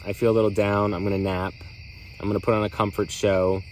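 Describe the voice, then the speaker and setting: A man's voice: lowish voice, little pitch movement, fast, a little hiss or hum, poor audio. A man hosting a podcast, talking candidly in a rambling, reflective way with many fillers. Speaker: podcast host. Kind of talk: reflective solo talk.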